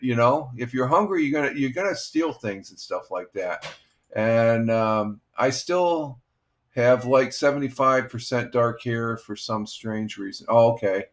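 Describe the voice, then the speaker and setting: An older man hosting a casual morning live stream, talking in a halting, rambling way and reading out viewers' comments. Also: mid-range voice, animated. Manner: rambling, halting, reads chat comments aloud. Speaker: livestream host.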